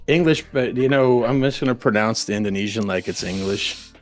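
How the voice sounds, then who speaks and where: A man's voice: on the low side, a little fast, faint music behind. A man guesting on a stream who chats casually, stammers and laughs at his own jokes. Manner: goofy, self-amused, stammering.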